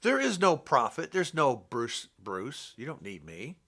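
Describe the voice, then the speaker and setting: A man's voice: medium pitch, huge pitch swings, unhurried, sharp tone. Blunt, scolding older man preaching. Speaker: Bible teacher. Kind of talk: informal preaching monologue.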